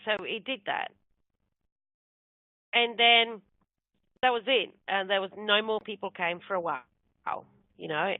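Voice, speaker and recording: A woman's voice: on the low side, dry recording. A middle-aged woman rambles through a personal story in a loose, chatty way, slipping into the voices of the people she quotes. The sound is thin and phone-like, with a dry, close feel and no room around it. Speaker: guest, spiritual medium. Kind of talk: casual storytelling interview. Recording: tinny phone-like line, dry.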